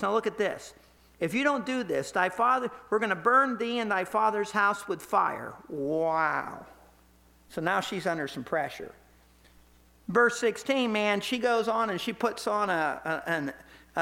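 A male pastor preaching a sermon, telling a Bible story with lively acted-out quotes. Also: high-pitched. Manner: animated storytelling, acts out quoted voices.

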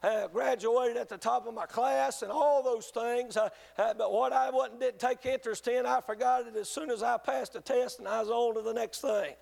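A man preaching a sermon, telling a testimony in an earnest, halting way with many restarts. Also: very high voice, steady tone, gravelly, a little mellow. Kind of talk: sermon storytelling.

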